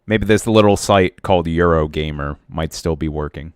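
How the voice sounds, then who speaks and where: Deep-voiced young man, casual joking. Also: normal speed, clear, resonant tone, no echo, clean studio sound. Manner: goofy, joking, excitable bursts. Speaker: podcast co-host. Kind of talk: casual chat.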